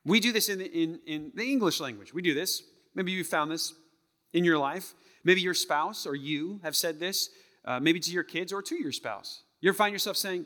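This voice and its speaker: Animated preacher man in a big hall. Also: sits high, moderate pace. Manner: animated, acts out tones of voice, drops to a hush. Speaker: pastor. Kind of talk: sermon. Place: church sanctuary.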